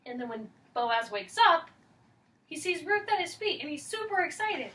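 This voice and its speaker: A woman's voice: high voice, very animated, normal speed, bright, forceful tone. A woman casually retelling a Bible story with slang and giggles, directing someone acting it out. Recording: distant mic, faint background noise.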